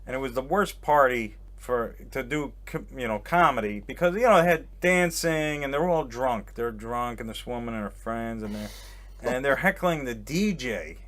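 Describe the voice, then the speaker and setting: A man's voice: mid-range voice, lively intonation, normal speed, a bit bright. A man and comedian, a guest telling a rambling, self-mocking story as a casual chat on a boat. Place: on a boat in a harbor.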